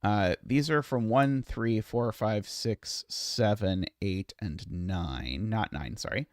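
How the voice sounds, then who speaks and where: A man streaming a puzzle solve, thinking aloud in a hesitant, muttering way with many filler pauses. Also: fairly low pitch, dry recording, clean studio sound.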